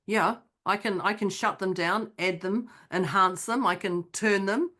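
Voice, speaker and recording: A woman's voice: medium pitch, a little slow. A woman, co-hosting a podcast and telling a personal story in casual chat, acting out what she and others said. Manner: animated storyteller, acts out her own quotes. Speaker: podcast co-host.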